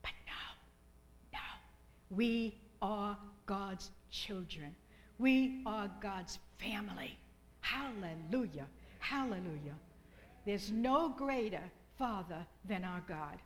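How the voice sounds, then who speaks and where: Slow, fervent woman preacher. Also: medium pitch, animated, rough recording. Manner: fervent, repeats phrases, drops to soft whispers in prayer. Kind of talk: sermon.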